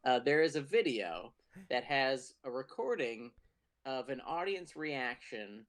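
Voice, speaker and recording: A man's voice: medium pitch, measured pace. A man co-hosting a podcast, telling stories animatedly, swearing freely and acting out scenes. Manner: animated storyteller, profane, acts out scenes. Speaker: podcast co-host. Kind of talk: casual chat.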